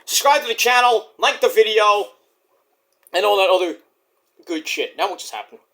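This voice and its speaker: A man's voice: high-pitched, animated, moderate pace, bright, forceful tone. A young man casually chatting about wrestling predictions, loose and profane, now and then imitating wrestlers. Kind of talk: casual chat.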